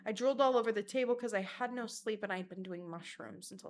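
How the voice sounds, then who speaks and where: A young woman tells wild personal stories in a casual vlog, talking fast in a mid-range voice. She's crude and animated, often slipping into mocking voices.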